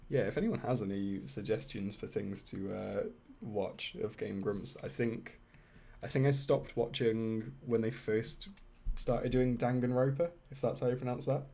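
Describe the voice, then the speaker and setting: A man's voice: mid-range voice, steady tone, measured pace, vocal fry, dark tone. A British man chatting casually with his livestream viewers while he animates, rambling and chuckling between thoughts. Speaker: animator streaming live.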